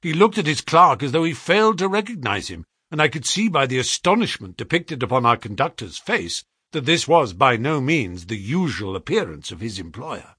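A man reads a story aloud with an expressive, measured delivery. His voice is husky and ranges widely in pitch. The recording is dry and close. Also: dry recording. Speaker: audiobook narrator. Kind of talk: storybook narration.

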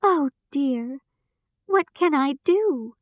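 A woman's voice: high-pitched, wildly swooping pitch, slow pace, no echo, muffled recording, pitched above the performer's own voice, full character voice. A woman voicing a curious young girl who asks innocent questions. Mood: wondering.

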